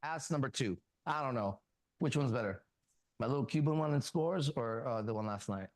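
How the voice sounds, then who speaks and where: A man hosting a casual talk show, coaching a younger man bluntly and profanely and telling animated stories with quoted dialogue. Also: mid-range voice, moderate pace, no room sound. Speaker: host. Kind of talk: casual advice talk and storytelling.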